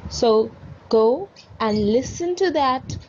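A woman teacher introducing a recorded lecture in a formal, measured way. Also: on the high side, expressive, darkish tone. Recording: dull lo-fi audio, faint noise.

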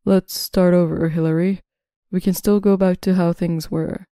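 A woman voicing a self-serving, cheating middle-aged husband in a scripted story, in a flat, even delivery. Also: fairly low pitch, moderate pace, no echo, studio quality, close to an everyday voice. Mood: pleading.

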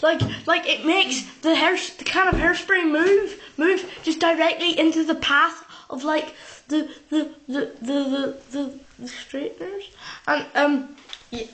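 A woman excitedly retelling a film scene, rambling with lots of fillers and sound effects. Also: high-pitched, normal speed. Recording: echoey room, poor quality.

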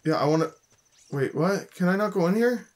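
Let's play host from Canada, young and chatty; slightly raised pitch, casual grumbly commentary over faint noise. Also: male voice, lively intonation, fairly quick. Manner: chatty, grumbling, jokey, reads game text aloud.

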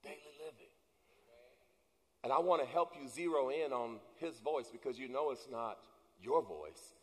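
A male pastor preaching a sermon, building to shouted emphasis and calling out to the congregation. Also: medium pitch, expressive, moderate pace, big-room sound. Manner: preaching with rising, shouted emphasis and call-and-response. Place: church sanctuary.

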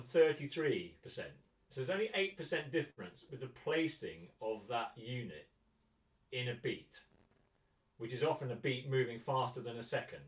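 A man's voice: medium pitch, fairly bright tone. A man teaching a guitar masterclass in a chatty way, often counting and singing rhythms aloud. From England. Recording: roomy sound, mic at a distance.

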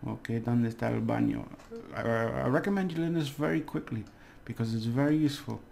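Gravelly-voiced man teaching casually. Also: mid-range voice, a little fast, a little mellow, a little hiss or hum. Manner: rambling, hesitant, with jokes and fillers. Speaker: language teacher. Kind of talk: casual video lesson.

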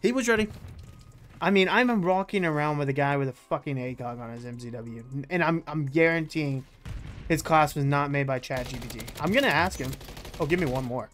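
A man giving excitable, swear-filled live commentary over his own online shooter match, trash-talking as he plays. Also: on the high side, brisk. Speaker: gaming YouTuber.

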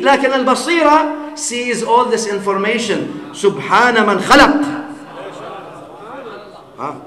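A man's voice: extremely high pitch, a bit bright. A man giving a sermon as an Islamic scholar, teaching with everyday examples, mixing Arabic phrases into his English and often asking his listeners "huh?". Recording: echoey hall with long reverb.

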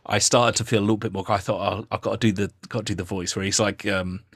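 A man being interviewed, chatting modestly and warmly about his videos, with lots of restarts. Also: fairly low pitch, fairly even intonation, fast, no room sound, studio quality. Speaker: guest, YouTube reviewer. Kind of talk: casual interview chat.

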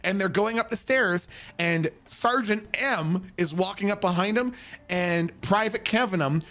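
A man's voice: sits high, measured pace, bright, forceful tone. A man telling a story in a casual, profane, rambling way, full of restarts.

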